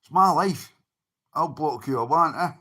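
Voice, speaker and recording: A man's voice: on the high side, a little slow, pushed and bright. Sweary Scottish man talking to chat. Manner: sweary, blunt, talks straight to chat. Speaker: livestreamer. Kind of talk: casual livestream chat.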